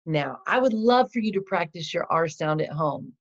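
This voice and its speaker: Female teacher, low-pitched, encouraging, children's reading lesson. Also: animated. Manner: patient, encouraging, models sounds slowly. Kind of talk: slow instructional lesson for children. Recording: dull lo-fi sound.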